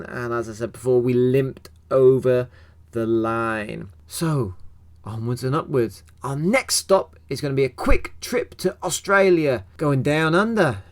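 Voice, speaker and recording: A man's voice: medium pitch, measured pace. A young man talking casually through a football match review, chatty and self-deprecating, asking himself questions as he goes. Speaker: football fan channel host.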